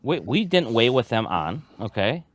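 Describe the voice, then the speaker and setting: A man's voice: medium pitch, big pitch swings, normal speed. A man chatting casually on a live stream as a robot combat team member, blunt and joking.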